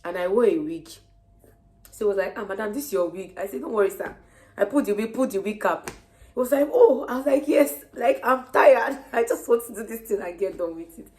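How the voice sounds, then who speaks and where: A young woman with a Nigerian accent, heavily pregnant, casually retelling her day to camera in an animated way. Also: medium pitch, a little fast. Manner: lively, animated retelling of conversations. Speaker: vlogger.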